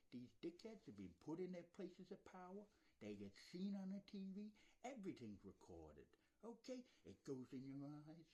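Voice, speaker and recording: Swearing, ranting man with a dark voice. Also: fairly high pitch, rough recording. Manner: swears constantly, speaks of himself in the third person; ranting, scornful, jabbing at the listener. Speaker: self-styled channel host. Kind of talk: profane angry rant to camera. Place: home, on a couch.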